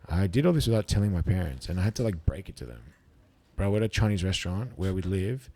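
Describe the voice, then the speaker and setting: Aussie bloke in his 30s, low-pitched, loose sweary podcast storyteller. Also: fast talker. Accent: Australian. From Australia. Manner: animated, swears freely, acts out quotes. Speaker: guest, competitive eater. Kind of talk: casual storytelling with profanity.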